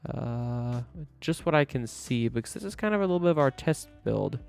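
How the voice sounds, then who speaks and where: A man's voice: medium pitch, lively intonation, normal speed, gravelly, a little mellow, clear, resonant tone, soft background music. A man live-streaming a building game, chatting casually and thinking aloud to himself as he works.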